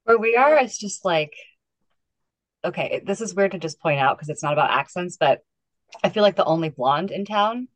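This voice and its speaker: A woman's voice: lowish voice, expressive, moderate pace, no echo. A woman chatting casually on a podcast in a self-deprecating, laughing manner.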